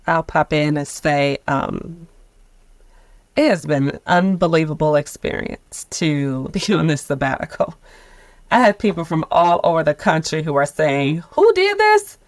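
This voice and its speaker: A woman's voice: deep voice, measured pace, no echo. Candid, laughing woman in her 50s. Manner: candid, expressive storytelling with frequent laughter. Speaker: nonprofit leader on sabbatical fellowship. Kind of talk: podcast conversation.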